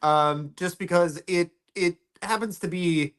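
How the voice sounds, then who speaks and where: A man's voice: high voice, steady tone, measured pace, fairly bright tone, clear, resonant tone. A man co-hosting a podcast in casual chat, giggly and rambling with lots of fillers. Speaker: podcast co-host.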